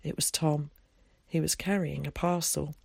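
An audiobook narrator reading a novel in a measured, even storytelling manner. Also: medium pitch, vocal fry, slightly rough, dry recording, studio quality. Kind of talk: scripted narration.

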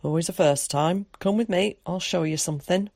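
A woman voicing a gruff, blunt older countryman in an audiobook, speaking in a clipped rustic dialect. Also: fairly low pitch, moderate pace, a little mellow, dry recording, studio quality. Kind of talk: audiobook character voice.

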